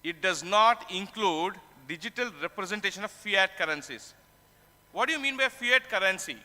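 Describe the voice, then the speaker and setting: Speaking in a big conference hall, a man at a tax conference gives a lecture in a high, expressive voice that's bright and forceful, at normal speed. He defines terms and works through questions he asks himself.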